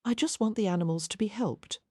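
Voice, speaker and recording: A woman's voice: medium pitch, brisk, warm tone, no echo, clean studio sound, voice pushed up, natural voice. A woman voicing an eccentric young noblewoman, earnest and blunt, often exasperated, in an audiobook.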